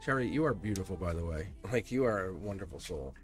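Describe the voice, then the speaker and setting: A man's voice: sits low, animated, fast talker, faint music behind. A man hosting a live-streamed tarot reading, speaking earnestly and emphatically and repeating himself for emphasis. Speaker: tarot reader.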